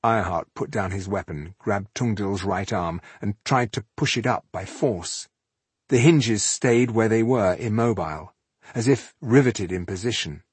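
Husky guy narrating fantasy, steady pace, dry close mic. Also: fairly low pitch, no echo. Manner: steady, measured storytelling. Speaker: audiobook narrator.

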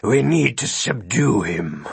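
A man doing a muffled tentacle-faced gentleman. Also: mid-range voice, sing-song, creaky, slightly rough, no echo, full character voice. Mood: plotting. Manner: muffled, slow, refined. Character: tentacle-faced male monster gentleman, genteel.

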